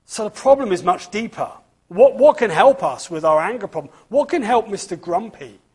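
A man's voice: sits high, animated, normal speed, a little mellow, slightly rough. A man giving a children's talk at church, reading a storybook aloud and asking the listeners questions.

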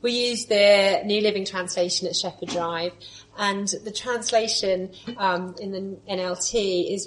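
A woman preaching a sermon, moving between lively storytelling and soft, hushed reflection. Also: mid-range voice, measured pace, low-quality recording.

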